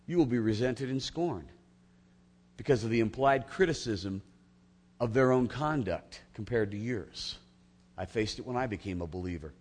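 A husky-voiced man preaching a sermon. His pitch leaps around as he tells the story, and he slips into the voices of the characters he quotes. He often puts a question to his listeners. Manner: animated, acts out voices of biblical figures. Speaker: pastor.

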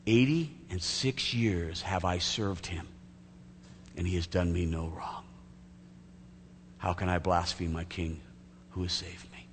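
A man voicing a calm, devout old bishop, speaking low, quiet and steady. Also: normal speed, natural voice. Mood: serene. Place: church sanctuary. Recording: echoey hall, faint hum.

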